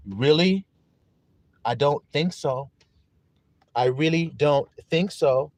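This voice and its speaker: A male preacher delivering a sermon in an animated, emphatic way with casual profanity. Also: a little high, slow pace, long pauses, no echo.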